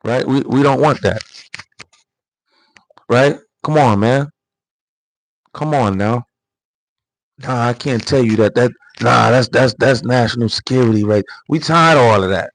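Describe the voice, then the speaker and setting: A man hosting a livestream, talking politics in a casual, emphatic rant. He keeps repeating himself and firing off rhetorical questions in a mid-pitched voice. The sound is dry and close, with no room echo. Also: a little slow, pauses often. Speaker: livestream host.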